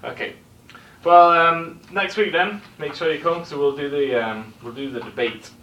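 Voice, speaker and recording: A man's voice: a little high, fairly even intonation, moderate pace, a bit bright, lo-fi sound, a little hiss or hum. A man teaching a vocabulary lesson in a classroom, explaining words and often checking in with the class through tag questions. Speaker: English teacher. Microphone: recorder at a distance. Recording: echoey room recording from far off.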